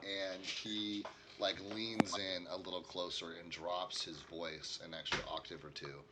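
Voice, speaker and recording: A man narrating as the game master of a tabletop game, in an animated, self-correcting way. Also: low voice, unhurried, very noisy.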